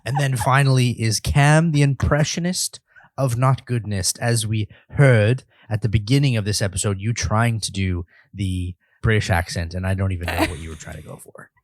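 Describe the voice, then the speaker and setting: A man's voice: on the low side, normal speed, dry recording. A man with a nasal voice co-hosting a podcast, talking in a playful, teasing way. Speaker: podcast co-host. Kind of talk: casual chat.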